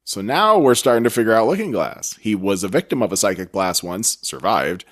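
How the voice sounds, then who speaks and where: A man's voice: on the low side, sing-song, brisk, fairly bright tone. A man co-hosting a podcast, recapping a TV episode in a rambling, self-correcting casual chat. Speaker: podcast co-host.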